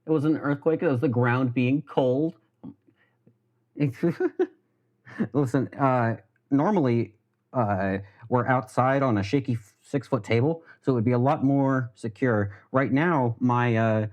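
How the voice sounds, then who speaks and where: This young man from the United States takes it slowly as he cooks and talks on his live stream at home, swearing offhandedly and putting himself down in a rambling way. His pitch is medium, and the headphone mic gives a muffled sound.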